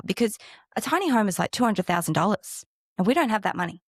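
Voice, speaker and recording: A woman, a guest in a casual conversation, telling a personal story in an animated way and acting out the voices of the people in it. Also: mid-range voice, fast talker, dry recording, clean studio sound. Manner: animated, acts out quoted dialogue.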